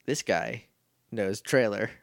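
A man co-hosting a podcast, chatting casually and joking as he recaps a TV episode, slipping into quick character impressions. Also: lowish voice, creaky, dry recording, studio quality. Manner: jokey, mimics characters in quick asides. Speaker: podcast co-host.

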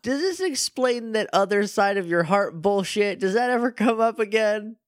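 Man, podcast co-host, lively pitch, jokey and swearing, dry close sound. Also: moderate pace, dry recording. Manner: joking reactions, swears freely, laughs often. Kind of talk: casual podcast chat.

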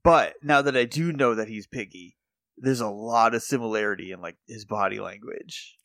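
A man's voice: lowish voice, normal speed, fairly bright tone, no echo, clean studio sound. A man co-hosting a podcast over a video call, chatting casually in a wry, dryly joking way. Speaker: podcast co-host. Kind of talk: casual chat. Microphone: remote video-call mic.

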